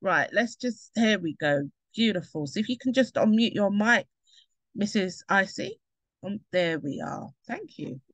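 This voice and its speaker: A woman's voice: medium pitch, expressive, measured pace. A chatty, encouraging woman hosts an online event in an upbeat way. Her voice sits in a middle range, and the sound is dry and close with no room echo. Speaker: event host. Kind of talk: hosting an online book launch.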